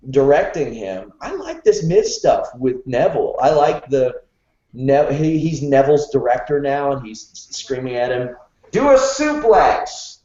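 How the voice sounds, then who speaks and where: A man's voice: mid-range voice, mellow, reverberant, lo-fi sound. A man hosting a wrestling podcast, chatting casually and reading an ad with a jokey edge. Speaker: podcast host. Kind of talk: casual podcast chat with ad read.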